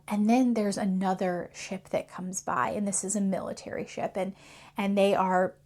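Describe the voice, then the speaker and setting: A woman's voice: mid-range voice, darkish tone. A woman host giving an earnest, reflective talk about faith and telling a parable. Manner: earnest and reflective, with occasional laughs. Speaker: faith coach and channel host. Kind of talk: faith teaching talk with storytelling.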